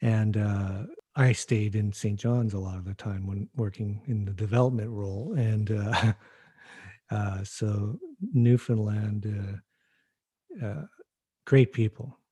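A man who works as a hockey goaltending coach chatting in an easygoing, halting way with lots of fillers. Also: fairly low pitch, steady tone, warm tone, husky, no room sound. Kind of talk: casual chat.

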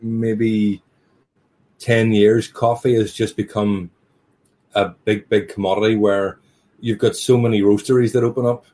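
Lower-voiced joking man, interview guest. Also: flat delivery, measured pace, warm tone. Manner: joking, self-deprecating storyteller. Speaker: tea business owner, guest. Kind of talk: casual interview chat.

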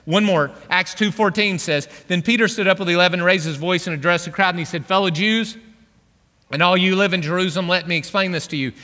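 High-voiced, animated preacher man in a hall. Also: quick pace. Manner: animated, joking with the congregation. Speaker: pastor. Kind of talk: sermon. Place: church hall. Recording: long reverb of a large hall.

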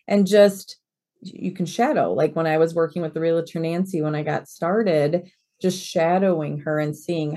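A woman in her forties, a real estate broker and podcast guest, telling stories in a lively way and acting out the quoted dialogue. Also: sits low. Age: 40s. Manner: lively storyteller who acts out quoted dialogue. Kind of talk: conversational interview storytelling.

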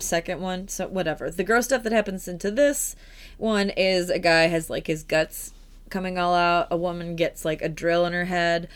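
A woman co-hosting a casual podcast chat, rambling and giggly with lots of fillers. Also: on the low side. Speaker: podcast co-host. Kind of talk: casual chat about horror films.

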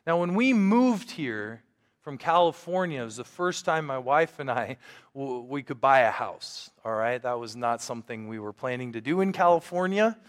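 A man's voice: medium pitch, lively intonation, normal speed, in a large hall. A man preaching a storytelling sermon as a pastor, earnest and conversational, often restarting his sentences.

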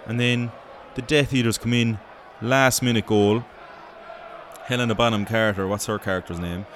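Low-voiced Irish man, sweary banter. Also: steady tone, moderate pace, a bit bright, some chatter behind, a little hiss or hum. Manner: profane, joking, rambling banter. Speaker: host. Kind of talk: mock sports commentary.

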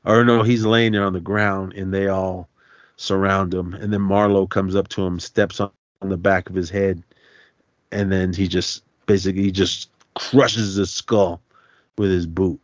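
A man's voice: sits low, flat delivery, measured pace, no room sound. A man hosting a podcast, casually retelling a film's plot in a loose, rambling way with lots of fillers and restarts. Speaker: podcast host. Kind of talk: casual movie recap. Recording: dull, dry lo-fi sound.

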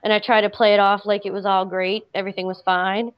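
A woman's voice: mid-range voice, little pitch movement, quick pace, clean tone. A woman casually telling a personal story, rambling with many "like" fillers. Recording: slightly dull lo-fi audio.

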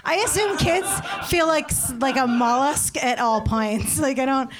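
Young female stand-up comic, rambling storyteller, a touch high in pitch. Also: measured pace. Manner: rambling, animated storytelling with laughs and acted-out voices. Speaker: stand-up comedian. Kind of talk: stand-up comedy set.

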